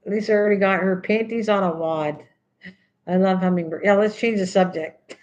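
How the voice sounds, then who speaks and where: A woman's voice: lowish voice, fairly even intonation, slow pace, long pauses, darkish tone, low-quality recording. An older woman hosting a craft video, chatting casually and teasingly, repeating words over and over while she works.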